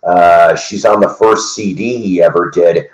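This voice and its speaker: A man's voice: deep voice, steady tone, unhurried. A middle-aged man hosting a casual chat, rambling and conversational with lots of fillers and restarts. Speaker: host. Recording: roomy echo.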